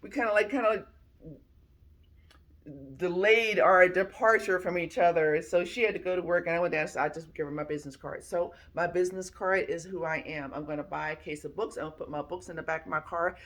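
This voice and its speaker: A woman in her fifties, a retired servicewoman, tells stories from her day in a relaxed, chatty vlog. Her voice sits a little low, and she slips into slang and acts out what people said to her. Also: a little fast. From Philadelphia, US. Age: 50s. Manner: casual, animated storytelling with slang and acted-out dialogue. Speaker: vlogger, military retiree. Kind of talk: personal storytelling vlog.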